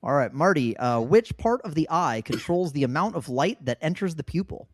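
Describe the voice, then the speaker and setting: A man's voice: fairly high pitch, lively intonation, moderate pace, no room sound, studio quality. A man hosting a casual podcast trivia game, joking and laughing easily as he reads out the questions. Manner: laughs often, loose and joking. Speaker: trivia quiz host.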